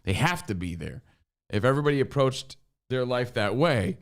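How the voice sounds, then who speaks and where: A man's voice: medium pitch, expressive, normal speed, a little hiss or hum. A man co-hosting a talk show, wisecracking and lecturing listeners in casual chat. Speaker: co-host. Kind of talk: casual radio show banter.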